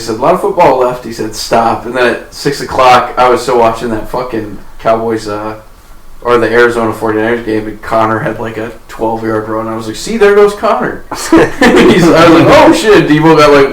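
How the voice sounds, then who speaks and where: A man co-hosting a podcast, telling a profane, animated story in casual chat and laughing often. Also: medium pitch, normal speed. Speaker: podcast co-host. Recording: echoey room with noise.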